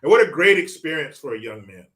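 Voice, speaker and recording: A man's voice: on the high side, big pitch swings, fast talker, fairly bright tone. A man hosting a livestream with political commentary, mocking and swearing as he talks. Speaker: livestream host.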